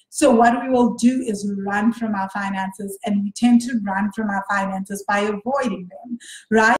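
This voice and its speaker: Chatty woman podcaster, roomy echo. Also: a little high. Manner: chatty, frequent "right?" and self-corrections. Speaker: podcast host and money coach. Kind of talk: casual solo podcast talk.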